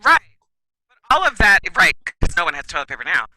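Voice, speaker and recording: Bright, emphatic woman guest. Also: on the low side, sing-song, brisk, low-quality recording. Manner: emphatic, repeats "right?" for agreement. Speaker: guest expert, school administrator. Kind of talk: casual podcast conversation.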